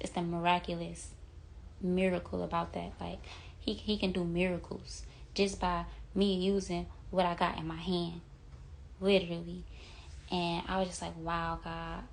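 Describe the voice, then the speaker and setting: Speaking into her phone, a young woman with a fairly low, gravelly voice delivers a devotional message as a vlogger. Her talk is earnest and meandering, packed with "like" and "you know."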